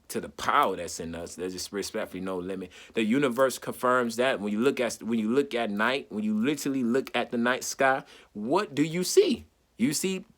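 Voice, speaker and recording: A man vlogging an impassioned solo monologue to camera, fervent, repeating words in quick bursts as he talks. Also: mid-range voice.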